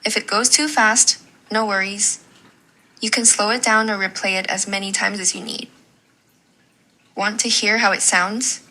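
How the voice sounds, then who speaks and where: A woman teaching a Mandarin lesson in a slow, clear and encouraging way. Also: medium pitch, steady tone, sharp tone, low-quality recording. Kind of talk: scripted lesson narration.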